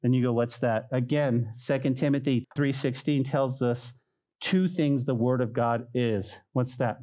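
A man preaching a sermon to his church, animated, repeating phrases and calling out to the congregation. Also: medium pitch, unhurried. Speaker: pastor.

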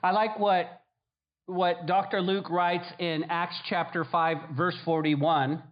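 High-voiced man preaching emphatically. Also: level tone, slow pace, lo-fi sound. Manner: emphatic, repeats key phrases, acts out quoted voices. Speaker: pastor. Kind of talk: sermon.

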